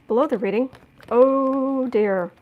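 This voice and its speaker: A woman's voice: sits high, slow pace, narrow, tinny audio. A woman giving a casual tarot reading, musing aloud and often restarting or repeating words. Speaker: tarot reader.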